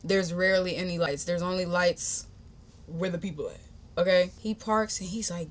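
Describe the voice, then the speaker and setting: A young woman hosting a podcast, telling a personal story in a chatty, animated, slangy way and talking straight to her listeners. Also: lowish voice, normal speed, slight background noise. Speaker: podcast host. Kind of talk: casual storytime.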